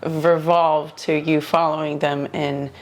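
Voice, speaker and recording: Woman guest, lowish voice, casual chat, thoughtful, hesitant with ums. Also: flat delivery, takes it slowly.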